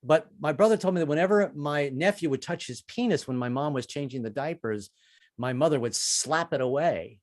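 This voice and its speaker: An older man talking through a stand-up set, rambling and self-deprecating with plenty of false starts. His voice sits slightly high for a man. He keeps it conversational, like chatting to the crowd. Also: a little fast. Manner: chatty, self-deprecating, jumps into high-pitched character voices for quoted people. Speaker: stand-up comedian. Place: comedy club stage.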